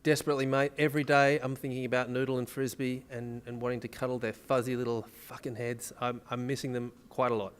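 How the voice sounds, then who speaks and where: A man with an ordinary middle-pitched voice co-hosts a comedy podcast. He trades crude jokes in loose banter and reads a news story aloud. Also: level tone, quick pace, few pauses, clear, resonant tone. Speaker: podcast co-host.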